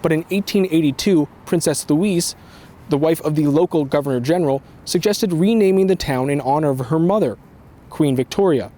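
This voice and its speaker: Male TV news reporter, measured explainer delivery, slightly high pitch. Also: warm tone.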